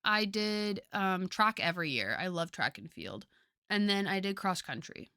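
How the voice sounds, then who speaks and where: Chatty young woman streamer, lively pitch. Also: moderate pace, clear, resonant tone, no room sound, studio quality. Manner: chatty, lively, filler-heavy. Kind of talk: casual chat with viewers.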